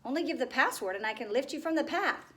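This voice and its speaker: A woman's voice: high-pitched, lively intonation, quick pace, fairly bright tone, pitched above the performer's own voice. A woman voicing a mournful male gargoyle who moans and wails. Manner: mournful, wailing.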